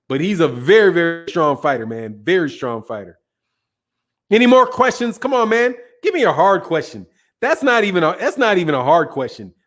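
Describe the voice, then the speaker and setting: A man's voice: high-pitched, a bit bright. A man hosting a casual live stream, reading viewer comments and answering in a brash, profane, emphatic way, often repeating himself. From Chicago. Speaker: boxing talk show host answering viewer chat.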